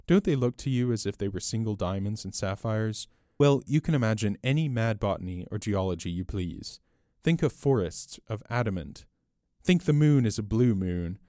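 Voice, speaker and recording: A man reading aloud and voicing a small, mild older priest with a gentle, apologetic, quietly shrewd manner. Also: on the low side, dry recording, clean studio sound, lightly acted. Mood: earnest.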